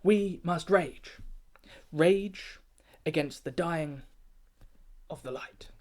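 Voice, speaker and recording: A pompous, snobbish poetry gatekeeper, as a man puts him on, declaiming rhymed verse with grand self-importance. His voice sits a little high, measured and rhythmic like an official giving a briefing. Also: a little mellow. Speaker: comic poet. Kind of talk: comic rhyming spoken-word satire.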